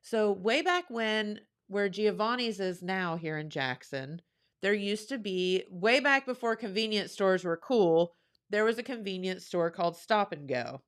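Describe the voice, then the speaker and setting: A woman in her forties co-hosting a talk show, teasing and quick with jokes. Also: mid-range voice, expressive, clean tone. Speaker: radio show co-host. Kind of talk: casual chat.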